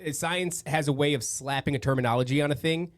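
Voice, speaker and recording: A man hosting a casual podcast chat, talking in an animated, slangy way and acting out what others say. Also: a little high, fast. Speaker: podcast host. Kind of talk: casual conversation.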